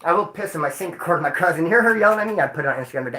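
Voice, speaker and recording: A man casually telling prison stories in a slangy, profane, animated way. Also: on the high side, racing, hardly any pauses, roomy sound. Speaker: storyteller recounting prison life. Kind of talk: casual storytelling monologue.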